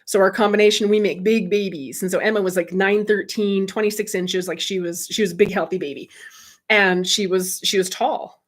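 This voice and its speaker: A woman's voice: medium pitch, steady tone, moderate pace. A middle-aged woman, a medium and life coach, hosting a casual livestream, chatting candidly and reading viewer comments aloud.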